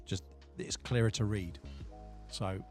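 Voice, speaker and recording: A man's voice: fairly low pitch, unhurried, darkish tone, faint music behind. A man co-hosting a podcast, giving blunt opinions in a casual chat. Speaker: podcast co-host.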